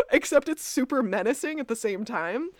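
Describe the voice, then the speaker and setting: A woman co-hosting a podcast, recapping scenes in a chatty way, laughing often and quoting characters in a lower voice. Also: wildly swooping pitch, moderate pace, dry recording, studio quality. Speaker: podcast co-host. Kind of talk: casual recap chat.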